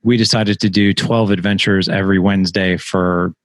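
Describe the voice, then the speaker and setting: A man hosting a podcast, speaking in a relaxed, reflective conversational way with frequent fillers. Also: deep voice, normal speed, no room sound. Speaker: podcast host. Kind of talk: conversational interview.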